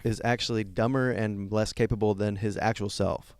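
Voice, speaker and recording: A man's voice: lowish voice, steady tone, moderate pace, a little mellow, no room sound. A man co-hosting a comedy podcast, rambling through jokey stories and slipping into silly voices. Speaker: podcast co-host. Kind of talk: casual comedic chat.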